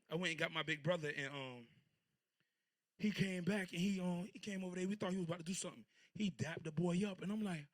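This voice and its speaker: Guy in his 30s doing stand-up, rambling crude stories, bright voice, dry sound. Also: fairly high pitch, no room sound. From Portsmouth, Virginia. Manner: loose, rambling storytelling with crude jokes. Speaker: stand-up comedian. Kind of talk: stand-up set.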